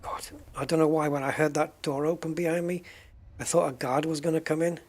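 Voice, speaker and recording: A man's voice: a little high, steady tone, fairly quick, a little hiss or hum. A man chatting casually while streaming a space game, joking and exclaiming at prices. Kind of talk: casual gameplay commentary.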